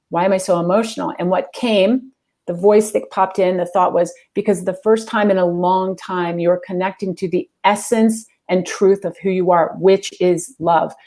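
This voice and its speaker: A woman guest, an executive coach, giving earnest, fast-moving answers about love and spirituality in an interview. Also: fairly low pitch, mellow.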